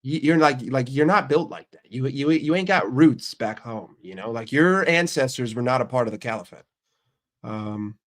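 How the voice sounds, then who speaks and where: An American streamer, sick with a cold and a stuffy, blocked nose, banters with his livestream chat in a brash, profane, mock-outraged way. His voice sits in the mid range, animated, at normal speed.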